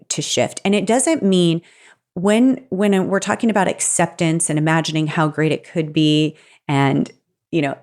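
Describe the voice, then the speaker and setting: Low-voiced woman hosting an advice podcast. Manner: earnest, encouraging and conversational. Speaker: podcast host; stepparent. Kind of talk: solo podcast advice talk.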